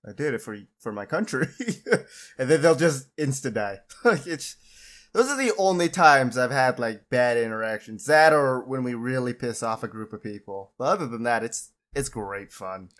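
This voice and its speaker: Young male podcast co-host, easygoing voice of average pitch, quick to laugh and agree. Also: expressive, fairly bright tone. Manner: laid-back, laughs along, short agreements. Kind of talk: casual chat.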